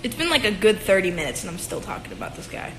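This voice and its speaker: A woman's voice: mid-range voice, huge pitch swings, quick pace, fairly bright tone, a little hiss or hum. A woman in her twenties ranting casually and profanely on a livestream from her room at home, with sarcastic sung asides. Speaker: livestream host. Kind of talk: casual rant on a phone livestream. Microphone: phone at arm's length. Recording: echoey room on a phone stream.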